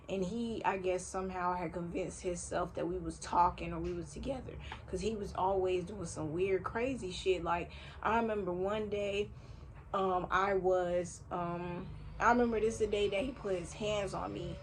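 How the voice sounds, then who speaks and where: A young woman with a fairly low voice tells a storytime on camera at home, animated and slangy, cursing freely as she goes. A faint hum of household noise sits under her voice. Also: normal speed. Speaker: vlogger. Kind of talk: casual storytime vlog. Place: home room, vacuum running nearby.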